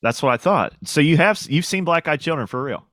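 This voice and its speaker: A man with a lively, swooping delivery asks eager follow-up questions in casual chat. His voice sits close and dry, with no room echo. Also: fairly high pitch, a little fast. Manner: eager questions, frequent laughing reactions. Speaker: podcast co-host.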